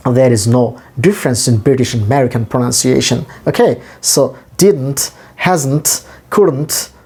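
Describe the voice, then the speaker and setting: A man gives an English pronunciation lesson in a slightly husky voice. He speaks very slowly and breaks each word into letters and sounds. Then he repeats the word again for his learners. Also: medium pitch, dark tone. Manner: spells out letters and sounds step by step. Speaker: English teacher.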